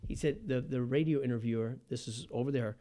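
A man preaching a sermon as pastor, asking the congregation questions and swinging from loud exclamations to hushed asides. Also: mid-range voice, fairly quick.

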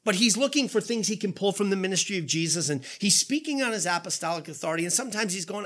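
A man's voice: high voice, animated, quick pace, few pauses, fairly bright tone. A man in his fifties preaching a conversational sermon in a church, putting rhetorical questions to the congregation in an informal way. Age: 50s. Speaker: pastor.

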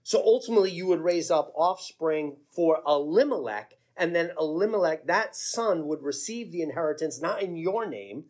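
Animated husky-voiced male pastor. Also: fairly high pitch, moderate pace, few pauses. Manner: animated storytelling, acts out the characters with chuckles. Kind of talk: sermon.

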